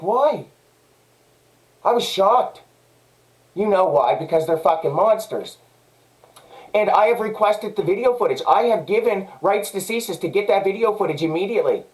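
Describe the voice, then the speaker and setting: Agitated high-voiced Canadian man ranting. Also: rough recording. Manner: agitated, repetitive, profane. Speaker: vlogger. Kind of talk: angry personal monologue.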